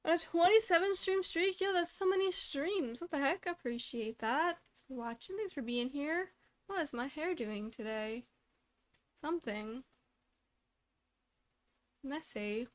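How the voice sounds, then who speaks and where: A young woman streaming live, chatting casually and greeting her chat by name in a bubbly way, trailing off into quieter asides. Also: high voice, a little slow, long pauses.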